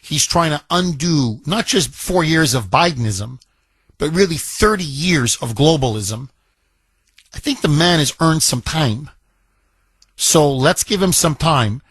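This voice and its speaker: Radio host guy, kinda husky, a bit high, dry studio mic, leans hard on words. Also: animated, measured pace, a bit bright, dry recording. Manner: emphatic, repeats key words for stress. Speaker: radio talk show host. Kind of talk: talk radio commentary with callers.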